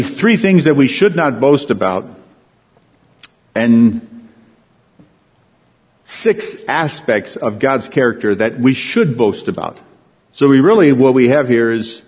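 A man's voice: mid-range voice, gravelly, a little mellow, breathy edge, big-room sound. A man, a pastor preaching a sermon in a folksy storytelling way, with emphatic rises.

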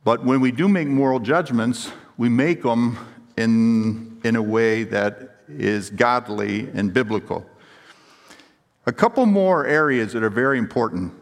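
A man's voice: mid-range voice, measured pace. A man preaching a sermon in a church sanctuary, his voice carrying a long reverb through the hall. He speaks emphatically, tells stories and puts rhetorical questions to the congregation. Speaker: pastor.

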